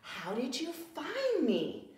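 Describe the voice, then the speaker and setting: A woman's voice: on the high side, big pitch swings, slow pace, voice pushed up. A woman doing a small anxious lion cub. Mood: pleading. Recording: echoey room, distant mic.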